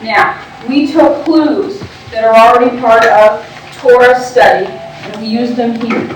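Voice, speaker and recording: High-voiced woman teaching from far off. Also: steady tone. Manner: brisk, directive, prompting the group. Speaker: teacher leading a workshop. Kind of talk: classroom teaching. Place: large room with a group. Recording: echoey room from far off, faint noise.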